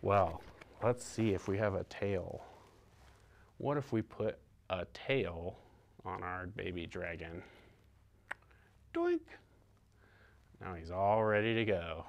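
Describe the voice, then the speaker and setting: Soft-spoken male children's storyteller. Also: low voice, measured pace, gravelly. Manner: gentle, soft-spoken, sing-song. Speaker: library storyteller.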